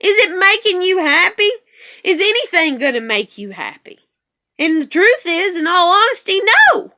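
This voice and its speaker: High-voiced woman ranting with profanity. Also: very animated, normal speed, bright, forceful tone. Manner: angry, emphatic repetition. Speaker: vlogger. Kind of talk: emotional monologue.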